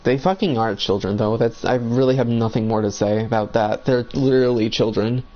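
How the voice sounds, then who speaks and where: A man's voice: mid-range voice, brisk, dull audio. A young man ranting bluntly about friends while playing a video game, swearing a lot in a heated, agitated way.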